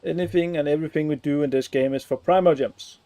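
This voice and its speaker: Sarcastic gravelly gamer guy. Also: a little high, steady tone, fast, warm tone. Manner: sarcastic, swears casually. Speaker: gaming streamer. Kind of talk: casual gameplay commentary.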